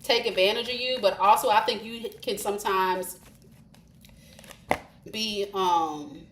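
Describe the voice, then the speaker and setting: Woman tarot reader on a livestream, informal and direct, mid-pitched voice, echoey room with faint hiss. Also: unhurried. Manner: chatty, informal, addresses viewers directly. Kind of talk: live-streamed tarot reading. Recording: roomy echo with faint hiss.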